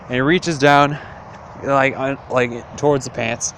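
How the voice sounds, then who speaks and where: A man's voice: mid-range voice, fairly even intonation, a little slow, a bit bright, a little hiss or hum. A young man retelling a classic tale in casual, profane slang, rambling with lots of fillers.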